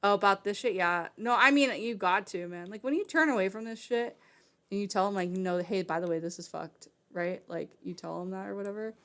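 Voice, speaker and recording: A woman's voice: medium pitch, a little fast, fairly bright tone. A woman streamer giving casual commentary, rambling, with lots of fillers and swearing. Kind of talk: casual commentary while reading an article aloud.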